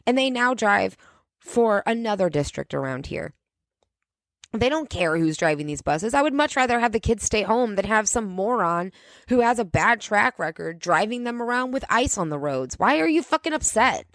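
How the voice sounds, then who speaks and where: A woman's voice: mid-range voice, moderate pace, no room sound. A woman rants on her own podcast, swearing freely and laying on the sarcasm. Her voice sits in a middle range and is recorded dry and close, with no room sound. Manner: profane, sarcastic, animated ranting. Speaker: podcast host. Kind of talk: ranting solo podcast.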